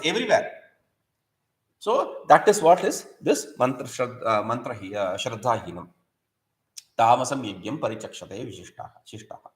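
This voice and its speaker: A man's voice: mid-range voice, reverberant, rough recording. A man teaching a scripture lesson. He recites Sanskrit verses, then explains them in with many restarts.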